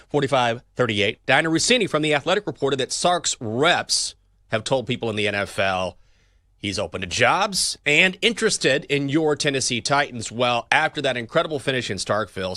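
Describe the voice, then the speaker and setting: A man's voice: medium pitch, pushed and bright, dry recording, studio quality. A man hosting a sports talk show, joking playfully with his co-hosts. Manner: joking, playful, slips into mock voices.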